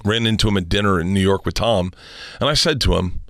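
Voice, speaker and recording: Middle-aged guy from florida rambling and cursing, lowish voice, dry close sound. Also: fast, no echo. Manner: profane, rambling, animated. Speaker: guest, touring comedian. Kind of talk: casual storytelling.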